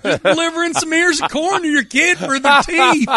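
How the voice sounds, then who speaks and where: A man's voice: very high-pitched, moderate pace, pushed and bright, no echo, studio quality, voice pushed up, exaggerated voice. A man voicing a male corn fairy, an overweight Midwest farmer with wings, in a put-on Midwest farmer accent and a folksy manner. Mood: startled.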